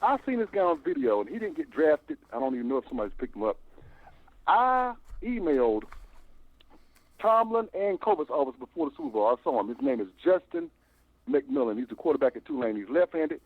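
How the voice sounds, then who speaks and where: An older man calling in by phone to a fan show, talking in a long, animated, stammering rant. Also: a little high, brisk, no echo. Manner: animated, repeats himself, stammering restarts. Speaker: phone-in caller. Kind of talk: rambling call-in rant. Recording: tinny phone line, dry.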